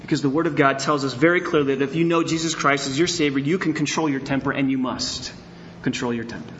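A man's voice: mid-range voice, fairly even intonation, fast talker, a bit bright, muffled recording, a little hiss or hum. A middle-aged male pastor preaching a sermon in a church, speaking candidly and telling personal stories, at times building to emphatic bursts. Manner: candid, storytelling, rising to emphatic outbursts. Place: church sanctuary.

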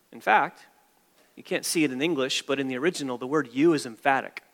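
A man's voice: mid-range voice, quick pace, fairly bright tone, in a large hall. A male pastor delivering an emphatic sermon, repeating phrases and restarting as he builds each point.

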